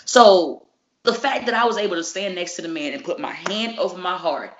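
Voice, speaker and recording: A woman with a fairly low voice tells stories in a casual interview, animated, full of slang and profanity. Her voice comes through a dull, lo-fi recording that takes the crispness off her words. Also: a little fast, a crowd in the background. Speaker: wrestler guest.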